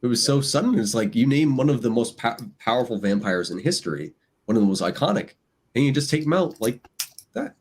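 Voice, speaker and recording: Husky animated man chatting about films. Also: mid-range voice, fairly quick. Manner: animated, acts out quotes. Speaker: guest. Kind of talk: casual podcast chat.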